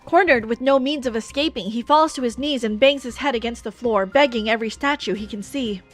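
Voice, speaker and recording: A woman's voice: on the high side, a little fast, soft background music. A woman streamer reading a game's story aloud in a playful, chatty way. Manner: playful, laughing between lines.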